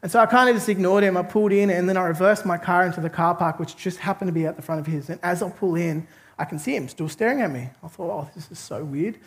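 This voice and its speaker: A man preaching a sermon, telling a personal story in an animated, chatty way with bursts of laughter. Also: high-pitched, fast. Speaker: pastor.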